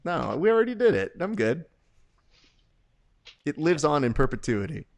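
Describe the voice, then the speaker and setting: A man's voice: fairly high pitch, creaky, no room sound. A man co-hosting a podcast, chatting and joking while commenting on a grappling event. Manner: joking, animated, quick asides. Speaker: podcast co-host. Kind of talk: casual live commentary chat.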